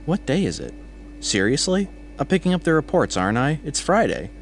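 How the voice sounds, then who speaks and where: A man's voice: on the high side, sing-song, fairly quick, slight background noise, pitched above the performer's own voice. A man voicing a teasing, chatty male coworker with an Austrian accent.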